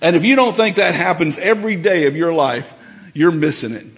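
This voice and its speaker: A man preaching a sermon in a church, folksy and fervent, building up to shouts. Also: on the high side, lively intonation, brisk, big-room sound. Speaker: pastor. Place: church sanctuary.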